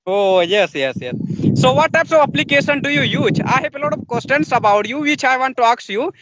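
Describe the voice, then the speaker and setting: A man with an Indian English accent interviewing a guest over a video call, speaking haltingly and restating his questions, with frequent "yes, yes". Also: extremely high pitch, lively intonation, fairly bright tone, slight background noise. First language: Hindi. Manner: halting, repeats "yes, yes", rephrases questions mid-sentence. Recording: muffled video call audio.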